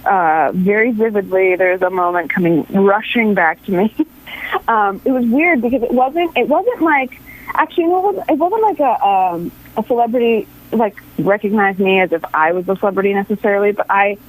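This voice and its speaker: A woman's voice: medium pitch, lively intonation, normal speed, poor audio. A woman in her thirties from New York City, an actress chatting as a radio interview guest, laughing often and restarting her sentences. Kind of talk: casual interview chat.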